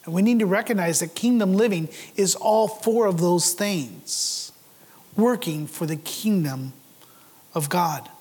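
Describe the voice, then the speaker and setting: A man with a high voice preaches a sermon, pressing his congregation with earnest rhetorical questions. His words ring through a church sanctuary, and a long hall reverb trails each phrase. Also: a little slow, darkish tone, breathy edge. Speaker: pastor.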